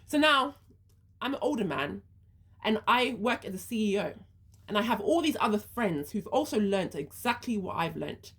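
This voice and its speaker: A woman's voice: mid-range voice, big pitch swings, normal speed, fairly bright tone, breathy edge. A woman speaking her views in an earnest monologue, walking through a hypothetical first-person story step by step. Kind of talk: reflective monologue.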